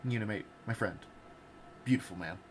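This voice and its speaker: A man co-hosting a podcast, candidly telling personal stories in a relaxed conversational way. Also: on the low side, normal speed, a little hiss or hum. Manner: candid, storytelling, laid-back. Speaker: podcast co-host. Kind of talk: casual podcast discussion.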